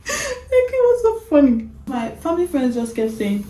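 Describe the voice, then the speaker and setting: Woman, storytime vlog, animated retelling, mellow tone, echoey room. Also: high voice, moderate pace, recorded from a distance. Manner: animated retelling, breaks into laughter. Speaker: vlogger.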